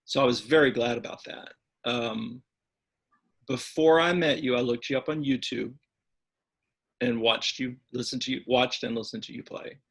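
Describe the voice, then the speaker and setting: A man who directs a church's music, chatting warmly as an interview guest and gently poking fun at himself. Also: mid-range voice, fairly even intonation, normal speed, gravelly, husky. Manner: warm, chatty, self-deprecating. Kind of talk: casual interview chat.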